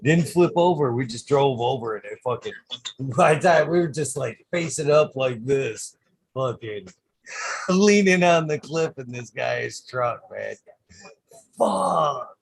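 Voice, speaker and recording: A man's voice: mid-range voice, unhurried, vocal fry, slightly rough. A man hosting a podcast, telling wild stories in a casual, profane chat. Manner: profane, animated storyteller. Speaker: podcast host.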